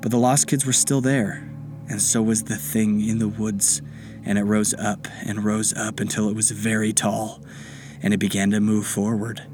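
A man narrating a children's bedtime story in a gentle, unhurried way. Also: on the low side, little pitch movement, over music.

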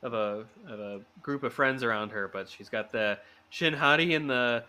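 A man hosting a casual fan podcast, animated, laughing often and restarting his sentences. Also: mid-range voice, moderate pace, clean tone. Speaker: podcast host.

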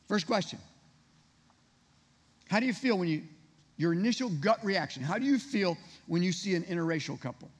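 Male pastor, high voice, chatty sermon full of questions, reverberant hall. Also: expressive, normal speed, long pauses. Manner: conversational, rhetorical questions to congregation. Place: church sanctuary.

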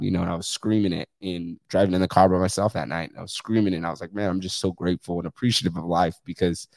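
A man's voice: deep voice, fairly even intonation, very fast, vocal fry, hardly any pauses, darkish tone, no echo. A man hosting his own podcast, talking bluntly and candidly with frequent swearing. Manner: blunt, profane, emphatic. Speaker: podcast host. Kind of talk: candid solo podcast monologue.

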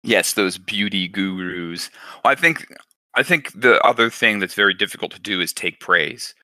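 A man's voice: lowish voice, normal speed, bright, forceful tone, no room sound. A man hosting a casual chat, talking in a reflective, encouraging way. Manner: reflective, encouraging, thinks aloud.

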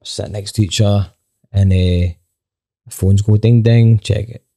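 A man, a band member telling a story in a casual chat, animated and full of restarts. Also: lowish voice, normal speed, vocal fry.

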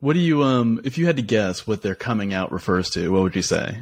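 A man hosting a reaction podcast, his slightly low voice husky, talking in halting bursts and laughing through his words. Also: lively intonation. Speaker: podcast host. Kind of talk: casual reaction chat.

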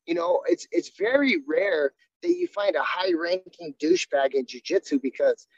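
A man's voice: high voice, very animated, normal speed, creaky, no room sound. A man, a jiu-jitsu coach, talking candidly and earnestly in a casual interview, often restarting his sentences. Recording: dull, dry sound.

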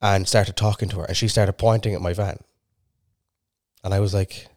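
Guy on a podcast, swears a lot, animated storyteller, lowish voice, dry close sound. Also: normal speed, no echo. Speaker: podcast co-host. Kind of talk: casual chat.

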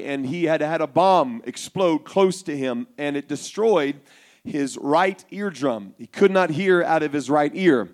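A man preaching a Pentecostal sermon to young people, telling a story and building to shouted fervor. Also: a little high.

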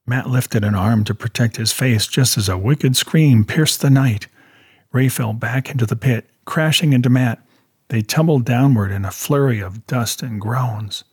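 Husky male audiobook narrator. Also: mid-range voice, a little slow, no room sound, clean studio sound. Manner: steady storytelling, voicing characters.

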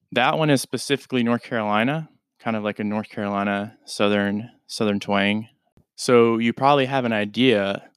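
A man's voice: on the low side, clear, resonant tone, dry recording, clean studio sound. A man hosting a casual podcast that teaches English, explaining things in a laid-back, chatty, informal way.

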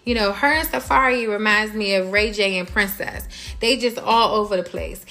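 A young woman hosting a casual celebrity gossip talk, animated and exasperated, cursing and repeating herself as she rants. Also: medium pitch, normal speed, soft background music. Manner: animated, exasperated, profane and repetitive. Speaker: host.

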